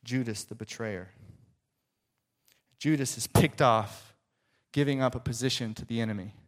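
Male preacher, dramatic storytelling sermon, hushed moments, mid pitch. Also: normal speed. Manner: dramatic storytelling, dropping to soft, hushed tones.

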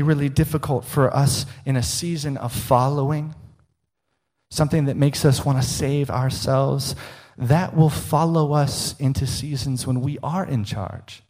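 Earnest male pastor preaching softly. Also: fairly even intonation, unhurried. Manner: earnest, dips soft and low for emphasis. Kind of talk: sermon.

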